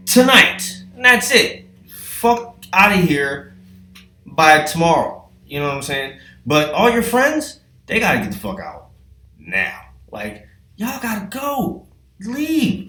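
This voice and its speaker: A man telling a rambling, profane comedic story in a casual, animated way. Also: sits high. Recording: echoey room with faint music.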